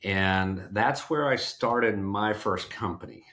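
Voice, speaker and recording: This is a sales trainer from Georgia, USA, appearing as a podcast guest: a middle-aged man with a fairly low, slow voice. He's a folksy, lively storyteller in a relaxed interview, voicing the quotes he tells and repeatedly starting his phrases over.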